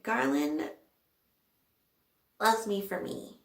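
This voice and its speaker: Young woman vlogger, slow and gravelly, emotional storyteller, echoey room. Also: medium pitch, animated. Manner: emotional, laughing and close to tears. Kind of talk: casual storytelling to camera.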